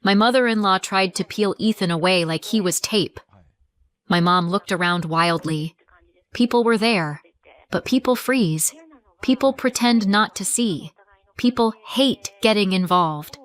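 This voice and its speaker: A woman narrating a scripted first-person family drama story in a measured, dramatic way. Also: medium pitch.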